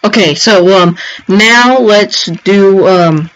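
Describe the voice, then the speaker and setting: A man giving a casual gameplay tutorial, rambling and halting, with frequent ums and restarts. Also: high voice, fairly bright tone. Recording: dull lo-fi home recording.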